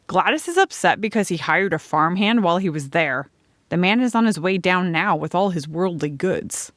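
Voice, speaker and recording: Woman doing a brisk teasing storybook friend, lowish voice, dry sound. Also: lively intonation, no room sound, natural voice. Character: Sarah Jane, brisk gossipy practical woman friend.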